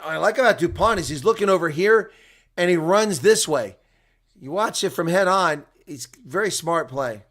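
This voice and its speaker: A man giving live rugby play-by-play commentary, moving from relaxed asides to excited calls. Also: high voice, normal speed. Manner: swings from quiet asides to loud excited calls; chuckles and chats with viewers between plays.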